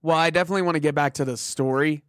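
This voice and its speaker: A man co-hosting a podcast in relaxed casual chat, agreeable and full of fillers. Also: fairly high pitch, racing, dry recording, clean studio sound. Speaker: podcast co-host.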